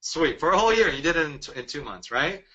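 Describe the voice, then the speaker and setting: A man from Dallas presenting a sales webinar, energetic and persuasive, firing off rhetorical questions. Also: on the high side, quick pace, slightly rough, dull audio. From Dallas, Texas.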